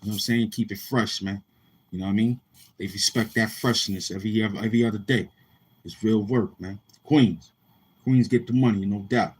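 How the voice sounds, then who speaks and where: A man's voice: on the low side, fairly even intonation, brisk, darkish tone, slightly rough. A man with a New York accent talking casually to camera as a vlogger, slangy and rambling, repeating tag phrases. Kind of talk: casual street talk to camera.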